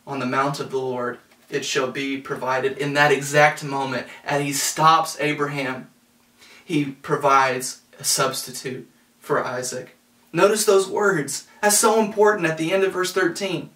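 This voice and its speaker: A pastor preaching a sermon, earnest, slowing down to stress scripture quotes. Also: male voice, fairly high pitch, steady tone, bright, forceful tone. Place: church sanctuary. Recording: roomy sound from a distance.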